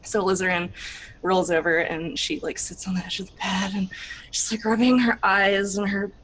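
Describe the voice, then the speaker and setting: A woman's voice: mid-range voice, little pitch movement, moderate pace, a bit bright, slight background noise, low-quality recording. A woman narrating her character's actions in a tabletop role-play, in a chatty, filler-heavy way with frequent laughter. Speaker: player.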